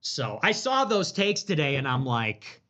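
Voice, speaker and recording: High, lively ranting man. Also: a little slow. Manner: profane, sarcastic, trailing off into low asides. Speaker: political commentator. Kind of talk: rambling ranting commentary.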